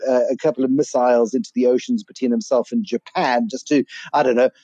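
A man from Africa, a business author answering interview questions in a wry, animated storytelling way. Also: mid-range voice, quick pace, slightly rough, dry recording, highs cut off. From South Africa.

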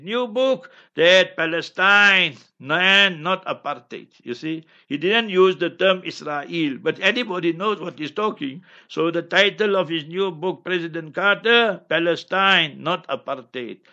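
A man's voice: sits high, unhurried, few pauses, pushed and bright, muffled recording. A man, an Islamic scholar answering listener questions on a radio podcast in an emphatic, scolding, preacher-like way.

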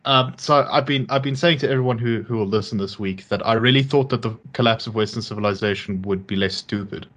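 A man co-hosting a podcast, chatting casually with halting restarts and dry sarcasm. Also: lowish voice, fairly bright tone. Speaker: podcast co-host. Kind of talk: casual political chat.

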